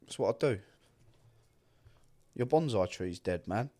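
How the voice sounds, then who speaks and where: A man's voice: on the low side, expressive, a little slow, mellow. A man from England, co-hosting a podcast in casual, sweary banter full of teasing and mock outrage. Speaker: podcast co-host. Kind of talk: casual chat.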